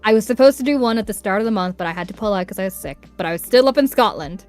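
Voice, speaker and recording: A woman from Northern Ireland with a Northern Irish accent, a voice actor chatting as a guest on a livestream in an animated, talkative way. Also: mid-range voice, rapid-fire, faint music behind. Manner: chatty, animated, laughs often. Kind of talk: casual chat on a livestream.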